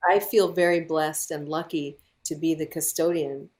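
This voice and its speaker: A woman filmmaker, a guest on a podcast, talking in a relaxed, animated way and laughing often. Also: low voice, moderate pace. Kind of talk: casual interview chat.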